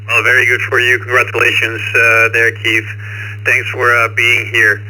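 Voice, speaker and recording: A man's voice: mid-range voice, completely flat delivery, normal speed, bright, forceful tone, poor audio. A man hosting an amateur radio net, chatting in a friendly, jokey way with lots of fillers. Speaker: net control host.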